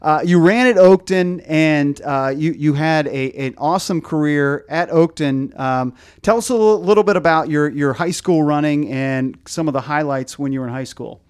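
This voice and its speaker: Slightly high-voiced male podcast host. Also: moderate pace, few pauses, clear, resonant tone. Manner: hesitant, many fillers and restarts. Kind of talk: casual podcast chat.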